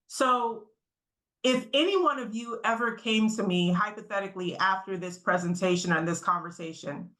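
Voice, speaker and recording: Upbeat woman motivational speaker on a video call, kinda high voice, keeps asking the crowd stuff. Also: echoey room, rough recording. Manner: energetic, quizzes the audience, frequent "right?" tags. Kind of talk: interactive conference talk to students.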